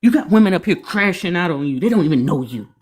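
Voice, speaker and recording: Picture an emphatic woman riffing on a reaction stream, her voice jumping up and down in pitch as she makes her point. She laughs often and keeps a casual, heated talking tone. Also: animated, fast talker, darkish tone, husky. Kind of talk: casual commentary chat.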